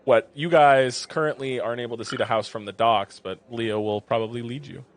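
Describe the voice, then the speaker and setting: A man narrating a tabletop game as game master, describing scenes in a relaxed way with plenty of filler words. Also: medium pitch, brisk.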